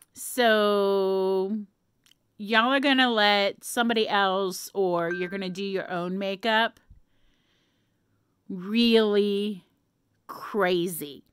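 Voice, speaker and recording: A woman's voice: mid-range voice, a bit bright, smooth, no echo, studio quality. A woman chatting casually to camera as a vlogger, playful and laughing often.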